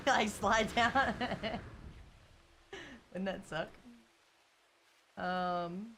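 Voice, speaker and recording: A woman's voice: medium pitch, drawn-out words, fairly bright tone, a little hiss or hum. A woman game streamer in casual live-stream chat, reading viewer comments and rambling through stories with lots of "like" and "you know" and frequent laughs.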